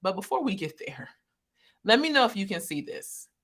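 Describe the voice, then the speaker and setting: A woman co-hosting a casual livestream discussion, animated and laughing often. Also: medium pitch, moderate pace. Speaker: co-host. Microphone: video call.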